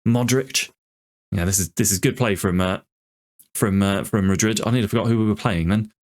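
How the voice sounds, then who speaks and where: A man's voice: fairly low pitch, moderate pace, a little mellow. A man commentating on his football management game, ranting in exasperation about it. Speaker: gaming YouTuber.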